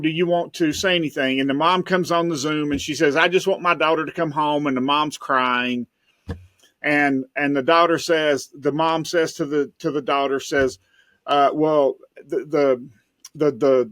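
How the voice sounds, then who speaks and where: A man's voice: fairly high pitch, fairly bright tone, no room sound, clean studio sound. A man, a private investigator, telling stories on a podcast in a rambling casual way, often repeating words as he goes.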